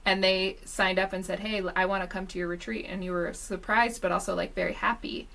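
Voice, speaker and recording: A woman's voice: mid-range voice, flat delivery, brisk, gravelly, fairly bright tone, low-quality recording. A woman hosting a podcast, chatting casually and speaking to listeners directly in an encouraging way. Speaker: podcast host. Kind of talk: casual interview chat.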